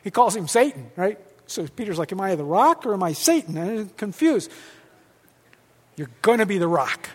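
A male pastor teaching on leadership in a lively, joking way, acting out quoted dialogue. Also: high-pitched, moderate pace, husky. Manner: animated, jokey, acts out quoted dialogue. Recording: long hall reverb.

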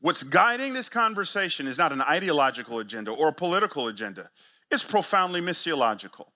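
A man's voice: big pitch swings, fast talker. A man preaching a sermon to church planters, emphatic and full of rhetorical questions. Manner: emphatic, rhetorical questions, big swings in pitch and loudness.

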